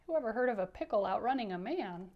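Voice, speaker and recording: A woman's voice: on the high side, expressive, fast talker, dull audio. A woman teacher giving a playful, coaxing read-aloud for children, inviting them to repeat lines after her. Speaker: teacher reading aloud to kids.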